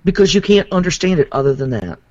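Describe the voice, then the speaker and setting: A man's voice: sits high, expressive, quick pace, a little mellow, no echo. A man co-hosting a casual talk show, chatty and opinionated. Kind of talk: casual chat. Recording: dry, dull lo-fi sound.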